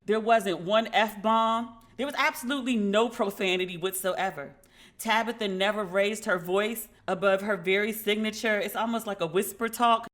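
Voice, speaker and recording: A woman hosting a podcast in a casual, animated way, acting out dialogue and talking frankly with profanity. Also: mid-range voice. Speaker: podcast host. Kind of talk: casual commentary.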